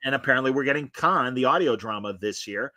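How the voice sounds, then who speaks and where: A man co-hosting a casual fan chat, opinionated and animated, with frequent restarts. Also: medium pitch, quick pace, over a noisy crowd. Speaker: podcast co-host.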